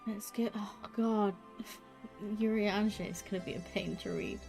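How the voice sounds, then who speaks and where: A woman's voice: medium pitch, steady tone, normal speed, vocal fry, music in the background. A woman streaming a game, chatting in self-mocking asides and laughing at her own attempts. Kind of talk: casual gaming stream chat.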